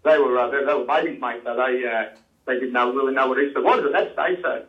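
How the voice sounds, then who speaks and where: A man's voice: mid-range voice, fast talker, lo-fi sound. A man in his sixties, born in Scotland, chatting as a guest on a call, matey and joking, calling everyone mate. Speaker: phone-in guest. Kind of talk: casual chat.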